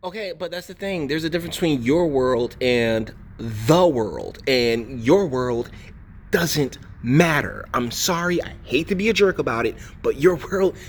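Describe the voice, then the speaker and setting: A man's voice: lively intonation, unhurried, a little hiss or hum. A man hosting a reaction commentary, mocking and retorting over a clip he plays. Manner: mimics women in a high squeaky voice. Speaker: commentary channel host.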